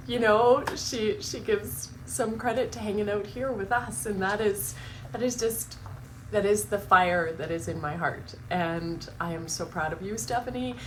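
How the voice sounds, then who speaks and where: A woman's voice: mid-range voice, a little hiss or hum, rough recording. A woman hosting her morning live stream, chatting emotionally, laughing through tears and gushing with many restarts. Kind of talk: casual emotional chat.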